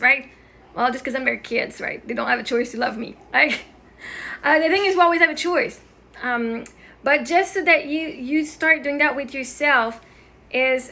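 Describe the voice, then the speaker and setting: A woman's voice: high voice, bright, forceful tone. A middle-aged woman hosting a conversation, talking earnestly and encouragingly and often checking in with "right?". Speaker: host. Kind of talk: casual conversational advice.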